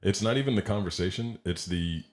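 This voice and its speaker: A man's voice: deep voice, a little fast, a little mellow. A man co-hosting a comedy podcast in casual chat, rambling and self-deprecating. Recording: echoey room.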